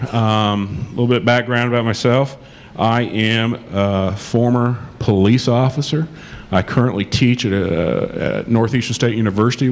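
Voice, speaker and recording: A man's voice: fairly low pitch, slight background noise. A middle-aged man giving a casual, joking conference talk to a live audience, often acting out quoted dialogue. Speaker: conference speaker, law lecturer. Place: conference hall.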